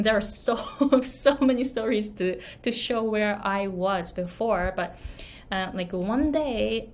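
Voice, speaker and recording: Slow-speaking woman with a Japanese accent. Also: medium pitch, a little mellow, slight background noise. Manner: chatty, laughs often, many fillers and tag questions. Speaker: online business and pronunciation coach. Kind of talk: casual storytelling advice to camera.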